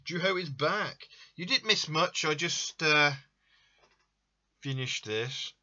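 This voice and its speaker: A man chatting slowly on a home drawing stream, his voice very bright and his pitch swinging a lot. He greets viewers by name and murmurs to himself as he reads out requests, over dull, lo-fi stream audio. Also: expressive. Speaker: livestream host drawing requests. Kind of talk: casual livestream chat.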